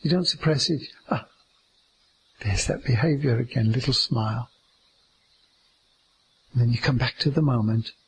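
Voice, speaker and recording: Man, slow meditative teaching talk, gravelly, drawn-out gentle delivery, faint outdoor ambience behind. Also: mid-range voice, slight background noise, low-quality recording.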